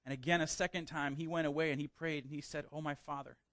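A man's voice: a little high, steady tone, fast talker, a bit bright, no echo. A man preaching a sermon who reads scripture aloud, then preaches with rising emphasis and asks the congregation questions. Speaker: pastor.

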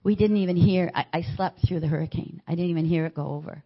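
Older woman telling a lively faith story. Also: on the low side, fast. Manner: animated storytelling, acting out what others said. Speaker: church member giving a testimony. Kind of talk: personal faith testimony told as a story. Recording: dull lo-fi recording.

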